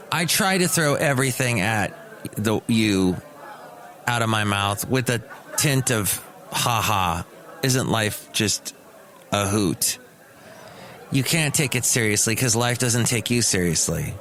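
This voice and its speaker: Male podcast host, casual solo chat, wry and self-mocking, average pitch. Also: a bit bright. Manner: sarcastic, rambling, self-mocking. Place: small cafe studio.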